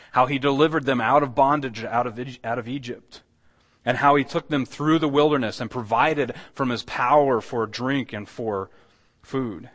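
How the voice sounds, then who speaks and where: A pastor with a medium, slightly bright voice preaches in an earnest, conversational way, putting rhetorical questions to his congregation. A long hall reverb hangs over the recording.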